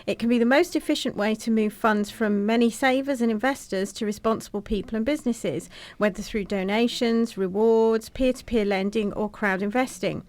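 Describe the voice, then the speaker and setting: A woman co-presenting a business radio show in a studio, explaining topics in a measured, thoughtful way. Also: a little high, a little mellow, dry recording. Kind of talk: casual radio talk.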